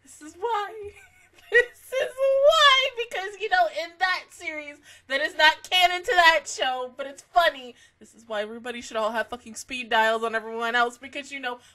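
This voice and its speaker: A woman giving a casual anime reaction review, excitable and swearing, swinging between laughter and mock crying. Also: sits high, moderate pace.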